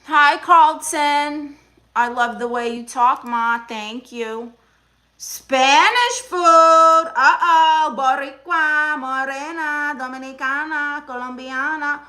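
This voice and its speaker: A young woman with a Brooklyn accent runs a live stream as a comic aunt therapist. She answers viewer comments with sass and teasing. Her voice is bright and slightly high, with a sharp edge. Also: steady tone, slow. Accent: Brooklyn New York.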